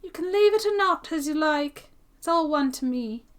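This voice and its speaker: A woman reading aloud and voicing a timid, gloomy young male barber's apprentice in a high, plaintive, weary voice. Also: animated, moderate pace. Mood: glum.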